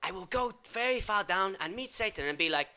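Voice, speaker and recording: High, sharp-voiced man rambling absurdly. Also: expressive, a little fast. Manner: rambling absurd patter, swinging from loud outbursts to whispers. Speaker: improv comedian. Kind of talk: improvised comic monologue.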